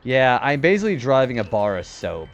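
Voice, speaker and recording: A man's voice: mid-range voice, very animated, fairly quick, faint music behind. A young man streaming a retro game, rambling casually about his day and swearing when he misses a turn. He describes his own voice as nerdy. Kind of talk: casual gaming stream chat.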